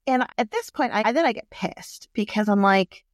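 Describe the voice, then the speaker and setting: A woman casually telling a personal story, candid and animated, swearing freely as she goes. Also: mid-range voice, moderate pace, no room sound, studio quality.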